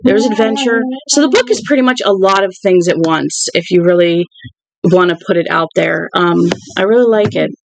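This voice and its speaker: A woman reading a novel aloud in a plain, unhurried way, then chatting casually and warmly with her listeners at home. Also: on the low side, vocal fry, low-quality recording. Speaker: audiobook reader.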